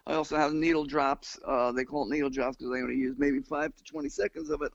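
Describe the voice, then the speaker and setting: Older Long Island musician, gravelly and animated, lo-fi dry recording. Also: male voice, medium pitch, fast talker, hardly any pauses, no room sound. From New York. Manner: animated, sings and hums tunes mid-story. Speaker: musician guest. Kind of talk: casual interview storytelling. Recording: dull lo-fi dry sound.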